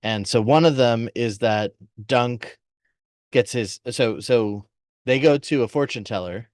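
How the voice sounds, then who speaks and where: A man's voice: mid-range voice, measured pace, a little mellow, no echo, studio quality. A man co-hosting a podcast, chatting enthusiastically about a TV series. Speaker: podcast co-host. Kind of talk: casual chat recapping a TV series.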